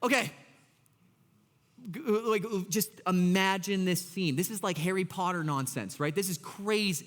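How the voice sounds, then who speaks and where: A man in his thirties, a pastor preaching a sermon in an excitable, conversational way and talking straight to the congregation. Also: sits high, unhurried. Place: church sanctuary. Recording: long church hall reverb.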